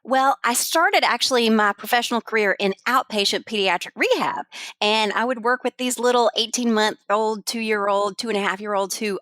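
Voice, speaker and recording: A woman speech-language pathologist answering interview questions in an earnest, measured, modest way. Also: a little high, a bit bright, dry recording.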